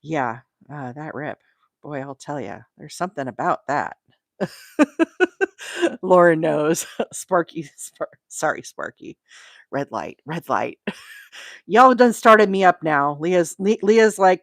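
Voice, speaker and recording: A woman's voice: low voice, animated, slow, long pauses, no echo, studio quality. A woman hosting a crochet livestream, chatting casually, rambling and laughing often. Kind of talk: casual live-stream chat.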